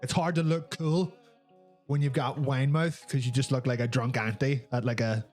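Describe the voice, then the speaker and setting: Northern Irish man, crude banter, mid-pitched voice, faint music behind. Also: fairly even intonation, a little mellow. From Northern Ireland. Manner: crude banter, quick jokes. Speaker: co-host of a live talk show. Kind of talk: casual chat.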